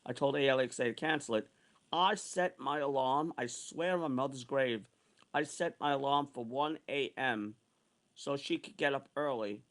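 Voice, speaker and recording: An online streamer in his sixties delivers an angry monologue about a grievance, cursing often and going over the same points repeatedly. His voice is medium-pitched and a bit bright, at a moderate pace.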